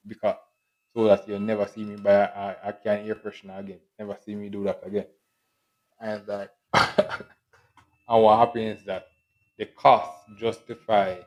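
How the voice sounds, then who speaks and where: Low, flat-voiced man rambling casually. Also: rough recording. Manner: rambling, repetitive, with frequent laughs and acted-out quotes. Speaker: podcast host. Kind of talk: casual solo monologue.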